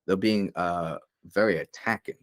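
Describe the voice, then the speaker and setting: A young man from England, a guest on a podcast, talks candidly about hard times in his life. His voice sits very low, and the close, dry recording keeps every word near. He rambles a little, with fillers and restarts. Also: unhurried, fairly bright tone, dry recording. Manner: open, emotional, rambling with many fillers. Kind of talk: candid interview storytelling.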